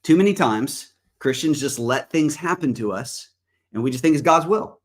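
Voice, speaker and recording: A man's voice: a little high, lively intonation, normal speed. Conversational man teaching a Bible study. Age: adult parent. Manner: conversational, with personal stories and scripture readings.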